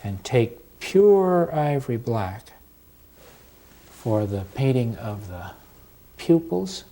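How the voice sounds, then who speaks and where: Man, painting teacher, slow unhurried delivery, middle pitch, calm demonstration voice. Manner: slow, unhurried and calm, with pauses while working. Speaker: painting instructor.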